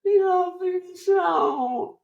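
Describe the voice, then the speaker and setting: Man playing a weepy has-been actor, high wailing whine, crying. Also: slow pace, creaky, echoey room, shouting, dull audio, exaggerated voice. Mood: whiny, sobbing. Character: sobbing washed-up male actor, self-pitying.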